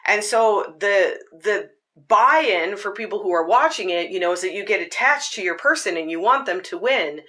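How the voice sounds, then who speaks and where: A woman's voice: mid-range voice, animated, normal speed, sharp tone. A woman hosting a podcast, talking earnestly and at length about her spiritual path, with a lot of "like" in her speech. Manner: earnest, rambling, with filler "like". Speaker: podcast host. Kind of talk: reflective spiritual monologue.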